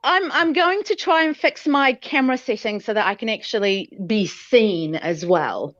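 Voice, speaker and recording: A woman's voice: a little high, lively intonation, normal speed, a bit bright, lo-fi sound. A woman with a New Zealand accent, a guest chatting effusively on a video call. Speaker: guest, show fan. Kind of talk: casual video-call chat.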